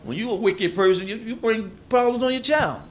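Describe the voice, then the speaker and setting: A man's voice: sits high, expressive, brisk, a little hiss or hum. A man preaching in a casual, conversational way. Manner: informal, conversational, acts out quoted voices. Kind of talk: sermon teaching.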